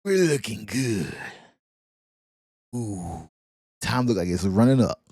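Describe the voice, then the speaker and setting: A man's voice: fairly low pitch, animated, takes it slowly, a little mellow, slightly rough, dry recording. Guy laughing thru a football rant, slangy, dry close sound. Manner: laughing, joking, trash-talking in slang. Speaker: sports commentary vlogger. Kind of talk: casual sports rant.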